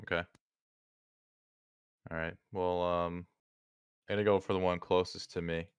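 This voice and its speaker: Male player on a voice call, very deep and smooth, slow, hesitant. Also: level tone, no room sound. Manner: unhurried, hesitant, with many ums. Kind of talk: casual tabletop play and narrating his character. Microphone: online voice call.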